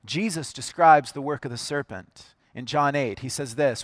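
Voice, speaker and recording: A man's voice: mid-range voice, moderate pace, few pauses, no echo. A man preaching a sermon, earnest and emphatic, repeating key phrases for weight. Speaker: pastor.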